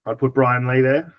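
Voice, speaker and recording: An Australian man talking as a podcast guest, telling stories in a relaxed way with lots of fillers and chuckles. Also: medium pitch, muffled recording. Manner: laid-back, chuckling storyteller with many fillers. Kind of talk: casual chat.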